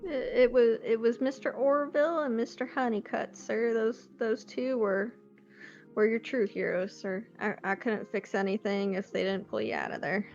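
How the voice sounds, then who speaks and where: A woman's voice: fairly high pitch, normal speed, darkish tone, highs cut off, faint music behind. A woman speaking in character, stammering politely and addressing others as sir. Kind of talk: in-character role-play.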